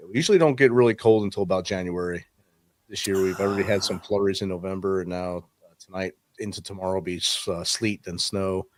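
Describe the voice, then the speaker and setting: A man's voice: low voice, fast talker, no echo. A middle-aged man talking as a podcast guest, easygoing and friendly with short answers. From United States. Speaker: podcast guest, Army veteran. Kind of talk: casual interview chat.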